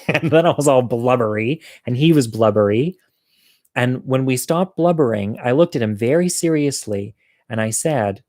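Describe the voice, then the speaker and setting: A man's voice: medium pitch, fairly quick, darkish tone, no room sound, clean studio sound. A man telling a personal story in a casual, profane way, acting out the lines of the people in it. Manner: casual, profane, acts out quoted dialogue. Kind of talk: personal story told to an audience.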